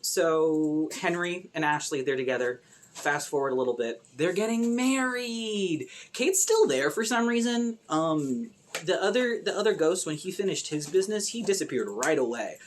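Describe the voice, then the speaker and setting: Animated young woman, pitch all over. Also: normal speed, a little hiss or hum. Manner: animated, sarcastic, lots of fillers. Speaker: video essay host. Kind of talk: casual movie recap commentary.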